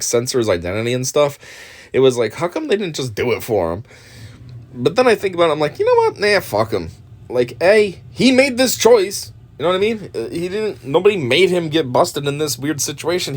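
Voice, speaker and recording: Profane, mocking reaction host, animated. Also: male voice, on the high side. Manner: profane, mocking, laughs often. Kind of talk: casual commentary.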